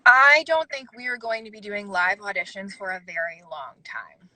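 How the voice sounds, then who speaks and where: Woman, bright voice, candid and emphatic, casual video-call chat. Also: medium pitch, lively intonation, poor audio. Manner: candid, emphatic, fast-talking with asides. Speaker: casting director guest. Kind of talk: casual advice chat on a livestream.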